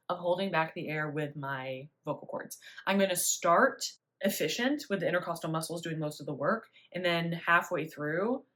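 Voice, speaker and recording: A young adult woman voice teacher explaining breathing in a relaxed, chatty way with little laughs. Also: fairly low pitch. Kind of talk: spoken singing lesson.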